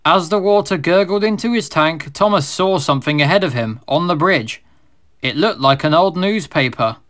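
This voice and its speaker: A man reading a children's storybook aloud as narrator, in a steady, expressive manner. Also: fairly high pitch, normal speed.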